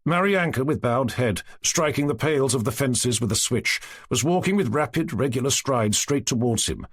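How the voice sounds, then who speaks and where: A man narrating a classic novel as an audiobook in an expressive storytelling manner. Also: mid-range voice, normal speed, breathy edge, no echo, studio quality. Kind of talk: scripted narration.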